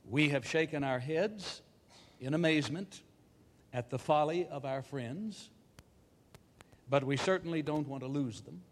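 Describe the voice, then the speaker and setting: A man giving a measured, scripted reflective talk with dry wit. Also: on the high side, in a large hall.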